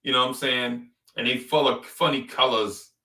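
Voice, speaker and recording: A man's voice: mid-range voice, fairly even intonation, moderate pace, sharp tone, echoey room, recorded from a distance. A man hosting a casual sports talk show, ranting animatedly and repeating phrases for emphasis. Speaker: sports podcast host.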